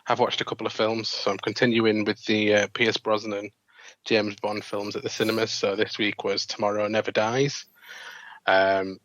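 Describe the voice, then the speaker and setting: A man with a low, flat voice chats on a gaming podcast. He rambles easily between topics. The sound is dull and dry, from a lo-fi home mic. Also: dry recording. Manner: easygoing, rambling. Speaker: podcast co-host. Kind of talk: casual podcast chat.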